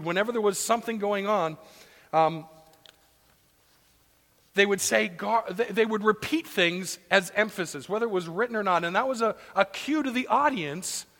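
A male pastor preaching with a high, gravelly voice that carries a long reverb from a church hall. He swings between strong emphasis and soft, nearly whispered lines, and slips into complaining voices to act out scenes. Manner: dynamic, shifting from loud emphasis to hushed near-whispers. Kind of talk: sermon.

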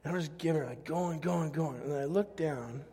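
A man's voice: a little high, fairly quick, dark tone, husky. A man preaching a sermon and telling a self-mocking personal story, laughing often. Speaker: pastor. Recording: long hall reverb.

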